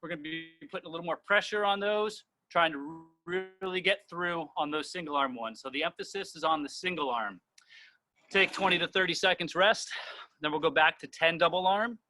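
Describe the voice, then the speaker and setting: A man coaching a live swim-band workout, explaining each set calmly and counting reps aloud. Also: on the high side, brisk, slight background noise. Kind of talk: guiding a live workout session.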